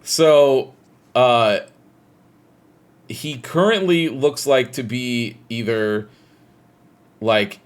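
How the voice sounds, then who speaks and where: A man's voice: mid-range voice, very slow, pauses often, smooth. A man in casual podcast chat, retelling a game plot in a rambling way with restarts and fillers. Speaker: podcast co-host.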